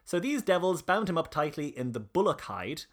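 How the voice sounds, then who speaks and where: A man's voice: on the high side, big pitch swings, brisk. A man presenting history in a casual conversation, reading out passages, with many fillers and restarts. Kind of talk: casual podcast chat.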